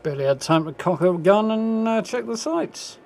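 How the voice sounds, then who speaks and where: A man's voice: high voice, lively intonation, fairly quick, vocal fry, darkish tone, slight background noise. Male streamer musing over gameplay. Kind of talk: live gameplay commentary. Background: game sound and music.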